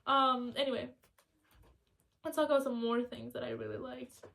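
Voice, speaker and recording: A young woman talking casually and excitedly in a rambling book vlog, chatty and quick. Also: on the high side, gravelly. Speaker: student book vlogger.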